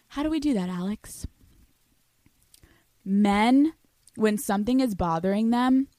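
A woman's voice: medium pitch, warm tone, no room sound. A young adult woman hosting a podcast, giving blunt dating advice in a brash, heavily profane way and often acting out imagined conversations. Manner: blunt, brash, swears constantly, acts out imagined dialogues. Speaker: podcast host.

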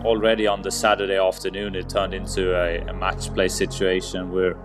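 A man's voice: sits low, monotone, a little fast, over music. A man, steadily recalling a head-to-head final round. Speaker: professional golfer. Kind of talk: interview recollection.

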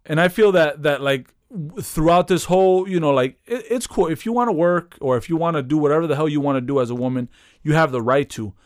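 A man's voice: fairly high pitch, fast talker, clean tone, dry recording, studio quality. A man co-hosting a podcast in casual chat, retelling a story with lots of restarts, fillers and profane slang. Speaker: podcast co-host.

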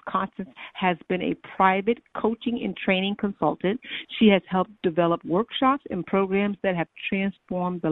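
A radio show host introduces a guest and then talks with real enthusiasm and encouragement. The voice sounds dry and close, with no room echo. It is squeezed through a narrow, phone-like band. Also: medium pitch. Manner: enthusiastic and encouraging, with some restarts. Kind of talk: radio interview hosting. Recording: dry phone-line audio.

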